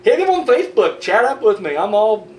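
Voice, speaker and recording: Profane ranting man, high voice. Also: sing-song, brisk, a little mellow. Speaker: horror news vlogger. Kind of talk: casual ranting commentary. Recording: roomy, distant mic, faint noise.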